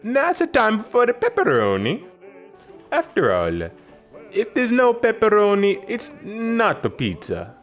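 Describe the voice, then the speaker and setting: A man putting on an exaggerated Italian accent to play an excitable pizza chef narrating a recipe. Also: high-pitched, a little slow, faint music behind, voice pushed up, full character voice. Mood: indignant. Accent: put-on Italian. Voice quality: exaggerated sing-song accent.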